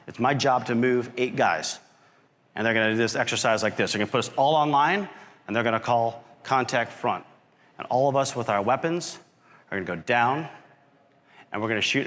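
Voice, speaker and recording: A man giving a motivational talk as a keynote speaker, telling a story with animated energy and acting out quoted lines. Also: on the low side. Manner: animated storyteller who acts out quotes and shouts. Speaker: keynote speaker, company founder. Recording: long reverb of a large hall.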